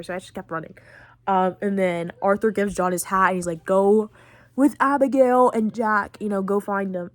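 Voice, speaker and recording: In a mid-range voice with no room sound, this young podcast host in her late teens gives a loose recap of a story. She leans heavily on fillers, wanders as she talks, and shows plenty of feeling.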